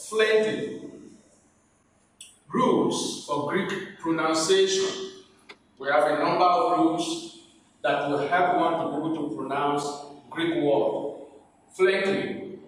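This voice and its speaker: Slow, high-voiced man teaching in an echoey hall. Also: a little hiss or hum. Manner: sounds out syllables one by one, repeating and half-singing them. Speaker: pastor teaching Greek. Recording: very echoey hall, mic far off.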